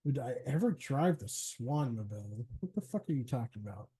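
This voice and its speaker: A man's voice: mid-range voice, animated, brisk, mellow, slightly rough. A man hosting a live stream, chatting casually and rambling, swearing freely and laughing often. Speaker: streamer host.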